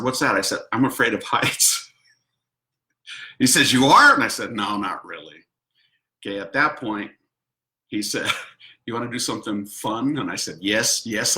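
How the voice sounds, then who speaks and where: A man's voice: fairly low pitch, sharp tone, reverberant. A man hosting a video, telling a personal story casually and animatedly, acting out quotes and laughing often. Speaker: host.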